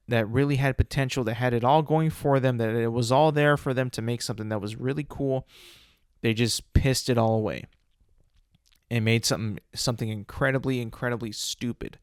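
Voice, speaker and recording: A man's voice: medium pitch, no room sound, studio quality. A man hosting a solo podcast, ranting bluntly with lots of swearing and repeated words. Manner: blunt, profane, repetitive ranting. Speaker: podcast host.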